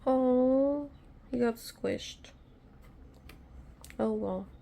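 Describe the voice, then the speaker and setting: Woman doing a diy fix at home, kinda high voice with some fry, chatty and a bit nervous, talks to her viewers the whole time. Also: drawn-out words, heavy background noise. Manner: chatty, nervous, self-deprecating, talks to viewers while working. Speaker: craft vlogger. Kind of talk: casual DIY tutorial chat.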